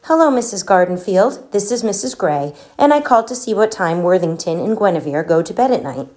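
A woman's voice: medium pitch, animated, fairly quick, a little mellow, lightly acted. A woman voicing a tired, desperate mother coaxing her children to bed. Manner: patient, exasperated. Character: weary, desperate mother of three.

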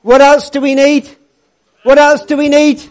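A man's voice: very high voice, monotone, moderate pace. A man leading a church congregation, upbeat and jokey as he coaxes people into place. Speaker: church service leader.

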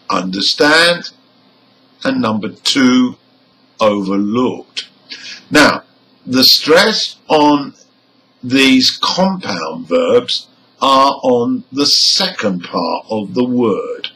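A man's voice: medium pitch, sharp tone, low-quality recording. A man teaching English word stress, explaining rules and enunciating example words carefully. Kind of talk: slow, deliberate lesson explanation.

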